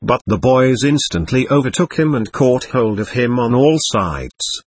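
A man narrating a novel as an audiobook, reading in an expressive, lively way. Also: mid-range voice, unhurried, slightly rough, no room sound.

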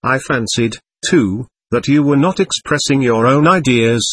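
A man voicing a gentle, serene young man. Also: medium pitch, measured pace, breathy edge, dry recording, studio quality. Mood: gently teasing. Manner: calm, gently questioning.

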